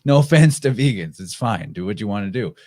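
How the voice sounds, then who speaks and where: A man with a low voice hosts a relaxed podcast conversation. He adds to his guest's points in a thoughtful, measured way. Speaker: podcast host.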